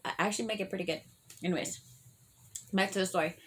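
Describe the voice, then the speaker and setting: A woman's voice: medium pitch, quick pace, a little hiss or hum. Chatty woman doing a story time while she eats, swears a lot, lots of likes and ums, voice jumps up and down. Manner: animated, lots of fillers and swearing. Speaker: vlogger telling a story while eating. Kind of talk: casual storytelling mukbang.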